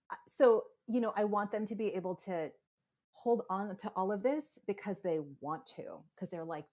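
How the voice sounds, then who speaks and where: Woman, 40s, lowish pitch, casual interview guest, animated storytelling. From United States. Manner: animated storyteller, acts out quoted voices. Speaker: podcast guest, psychotherapist.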